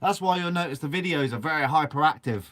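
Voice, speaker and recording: Fishing-channel host, young man from Guernsey, bubbly live-chat banter, slightly high voice. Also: quick pace, fairly bright tone. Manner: chatty and upbeat, swears casually. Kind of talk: casual live-stream chat. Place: shed.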